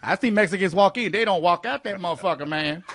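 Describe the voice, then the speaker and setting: A man's voice: sits high, fast, voice pushed up. A man doing a swaggering streetwise Mexican-American guy. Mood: boastful. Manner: streetwise, loud and slangy.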